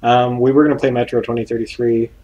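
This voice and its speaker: A man's voice: mid-range voice, little pitch movement, fast talker, dark tone, poor audio. A young man co-hosting a casual gaming video, wry and self-deprecating. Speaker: let's play co-host.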